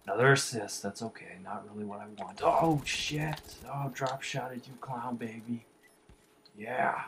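Calling himself the Warlock in the third person, a gameplay commentator narrates his shooter match live, swearing often and veering between quiet muttering and frustrated bursts. He has a creaky, slightly bright mid-range voice at normal speed, with a little hiss or hum.

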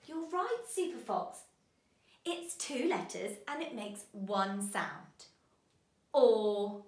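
A woman teaching a children's phonics lesson, giving bright, sing-song encouragement to young learners. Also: fairly high pitch, big pitch swings, slow, reverberant.

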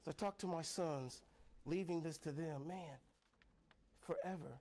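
High-voiced playful male preacher. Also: a little slow, darkish tone. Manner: playful, call-and-response, laughing often. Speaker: pastor. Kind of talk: sermon. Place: church sanctuary.

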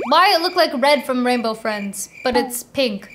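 A young woman playing a video game, excitedly commenting and reading the game's lines aloud to her viewers. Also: high voice, slow, background noise. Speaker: gaming video host. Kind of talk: playful gameplay commentary. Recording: game music playing behind voice. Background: game music.

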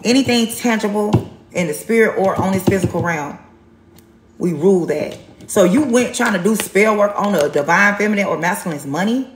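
A woman with a medium-pitched, animated voice gives a live tarot reading on a livestream at normal speed. She is blunt and sassy, repeating herself for emphasis, and the audio is reverberant with background noise.

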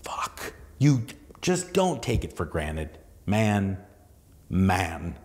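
A man's voice: low voice, sing-song, extremely slow, a little mellow. Rambling, profane man with a long reverb. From southern California. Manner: rambling, profane, full of restarts and asides. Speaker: podcast host. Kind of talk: casual solo podcast monologue.

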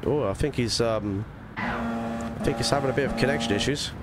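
This one is very noisy: a medium-pitched man speaking fairly quickly while streaming a racing game. His accent mixes English and Scottish, and he chats loosely with viewers, full of fillers and tangents.

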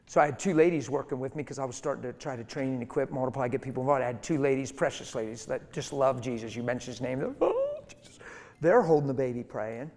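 A man's voice: medium pitch, steady tone, quick pace, few pauses, a little mellow. A man preaching a sermon as a story, emphatic and conversational, acting out the voices of the people in it. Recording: hall reverb.

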